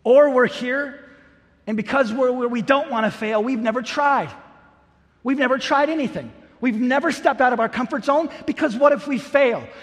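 A man's voice: very high-pitched, moderate pace. A man preaching a sermon as a pastor, earnest and driving home key phrases by repeating them. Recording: long hall reverb.

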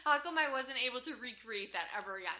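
A woman co-hosting a podcast, telling a story in an animated, casual way, swearing freely and laughing often. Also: a little high, fast talker. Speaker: podcast co-host.

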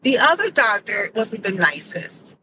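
A middle-aged woman talks straight to her podcast listeners, telling stories and calling out what bothers her with firm, indignant emphasis. Her delivery is casual and conversational. A steady layer of background noise sits under her voice throughout. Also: medium pitch, unhurried. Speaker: podcast host. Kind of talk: casual commentary monologue.

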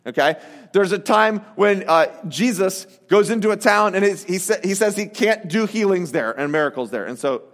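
Male pastor, high-pitched, lively sermon delivery, playful asides, long hall reverb. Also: normal speed. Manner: animated, conversational, acts out quoted voices.

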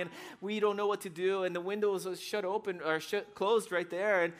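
A man who grew up in Brazil, preaching a sermon and telling a personal story in a lively, animated way. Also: high voice, normal speed, few pauses. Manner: animated storyteller, acts out scenes with shouts. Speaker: pastor.

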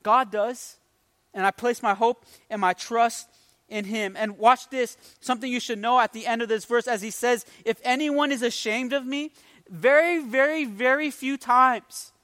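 A man's voice: very high voice, steady tone, moderate pace, pushed and bright, dry recording. A man preaching an emotional, conversational sermon, rising with emphasis. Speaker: pastor.

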